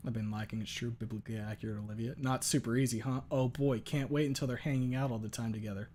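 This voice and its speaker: A man's voice: medium pitch, fairly even intonation, quick pace, darkish tone. A male streamer chatting casually at the end of a stream. He jokes, curses freely and reads out messages from viewers. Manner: joking, profane, reads chat aloud. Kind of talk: casual livestream chat.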